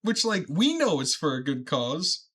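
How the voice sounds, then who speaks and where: A man's voice: fairly high pitch, measured pace, husky. Laughing man retelling movie scenes. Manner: laughs often while retelling scenes, animated quotes. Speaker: podcast co-host. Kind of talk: casual movie discussion.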